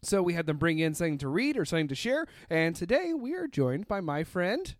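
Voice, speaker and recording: A man's voice: on the high side, big pitch swings, fairly quick, no room sound, clean studio sound. A man hosting a podcast, chatting casually and joking with his guest. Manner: jokey, playful, puts on a monster laugh. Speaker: podcast host.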